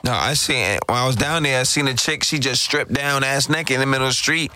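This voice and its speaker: A man's voice: medium pitch, fast talker. A man from Bridgeport, Connecticut, hosting a podcast in a casual, profane, slang-heavy chat, telling stories with energy. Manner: animated, slangy, lots of filler phrases.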